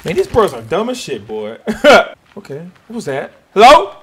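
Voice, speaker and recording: A man's voice: a little high, very animated, normal speed, a bit bright, breathy edge. A man giving let's-play commentary on a survival game, jumpy and swearing, talking to himself as he goes. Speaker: gaming YouTuber.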